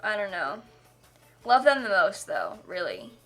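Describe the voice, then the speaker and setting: A woman livestreamer in casual chat, rambling and quick to laugh as she thanks viewers. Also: mid-range voice, wildly swooping pitch, a bit bright. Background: faint music.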